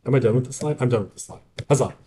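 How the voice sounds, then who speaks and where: Talking very fast in a mellow, mid-range voice, a man gives an informal university lecture in a classroom, frequently asking "right?" and slipping into joking asides. There's a little hiss or hum in the audio.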